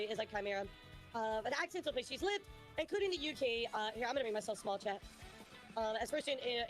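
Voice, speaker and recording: A woman who is a native Russian speaker, a VTuber chatting on a livestream and answering her viewers' messages as she goes. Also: fairly high pitch. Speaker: VTuber streamer.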